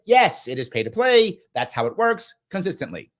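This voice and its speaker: Animated man hosting a live reaction show. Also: high-pitched, normal speed. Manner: animated, acts out voices in quotes; emphatic and repetitive. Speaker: host reacting to a clip.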